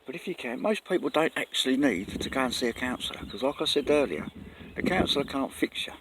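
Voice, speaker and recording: A man's voice: medium pitch, expressive, fast talker. A man talking casually and earnestly to camera outdoors in the countryside, rambling and correcting himself as he goes. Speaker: vlogger. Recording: faint outdoor noise, birds.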